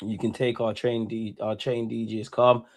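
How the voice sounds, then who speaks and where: This young man talks through a football match live as a watchalong streamer, slangy and a bit bored. His voice is mid-range and level, moving at a moderate pace.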